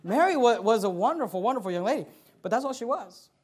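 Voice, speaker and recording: High-voiced man preaching a sermon. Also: expressive, quick pace, breathy edge. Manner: emphatic, conversational preaching with many restarts. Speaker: pastor.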